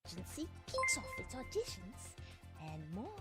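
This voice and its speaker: A woman putting on a perky female news presenter with a deliberately poor, over-exaggerated British accent. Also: mid-range voice, wildly swooping pitch, bright, forceful tone, faint music behind. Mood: newsy. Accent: put-on, poor British. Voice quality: exaggerated, deliberately mispronounced words. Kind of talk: mock news-show character bit.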